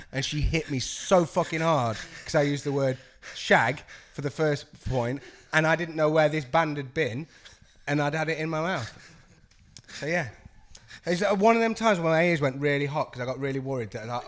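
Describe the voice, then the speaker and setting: A man's voice: on the high side, normal speed. A man co-hosting a podcast, telling sweary stories in casual chat and laughing often. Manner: laughing, sweary, animated storytelling. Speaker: podcast co-host.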